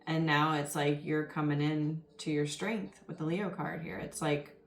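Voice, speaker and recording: A woman's voice: low-pitched, fairly even intonation, unhurried, hardly any pauses. A woman tarot reader talking casually and rambling, with many ums and you-knows. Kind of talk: casual spoken tarot reading. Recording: roomy echo with faint music underneath. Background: faint background music.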